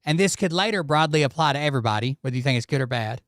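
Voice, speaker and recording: A man's voice: mid-range voice, lively intonation, rapid-fire, dry recording, clean studio sound. A man hosting a commentary show, talking casually in a blunt, profane and sarcastic manner. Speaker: commentary channel host.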